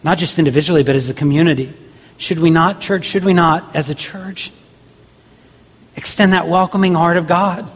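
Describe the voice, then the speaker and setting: A man's voice: on the high side, steady tone, moderate pace, slightly rough. A man pastor preaching a sermon earnestly, with repeated rhetorical questions. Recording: long hall reverb.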